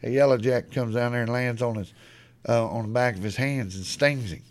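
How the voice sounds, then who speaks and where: A man's voice: mid-range voice, brisk. A middle-aged man from west Texas, telling a rowdy, profane story in a folksy way as a podcast guest. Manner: folksy, profane, animated yarn-spinner. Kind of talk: storytelling in casual chat.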